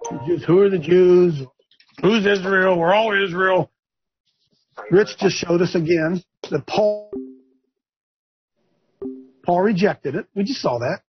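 A man leading a preaching-style group discussion on a video call, addressed as coach, animated and repetitive as he calls on listeners one by one. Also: high voice, slow, pauses often, soft background music. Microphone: video call microphone. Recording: muffled video call audio.

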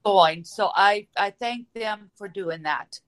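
A woman's voice: medium pitch, slow, fairly bright tone. A woman calling in to a talk show, earnest and a little rambling. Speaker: caller.

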